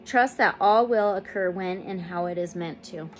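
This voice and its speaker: A woman's voice: lowish voice, faint music behind. A woman giving a casual tarot reading to camera, reading card meanings and gushing with emotion over the results. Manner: reads card meanings aloud slowly. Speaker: tarot reader.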